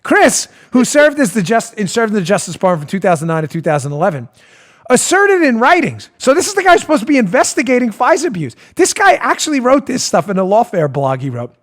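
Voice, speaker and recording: A male talk show host ranting about politics with animated sarcasm, often laughing mid-rant. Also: extremely high pitch, brisk.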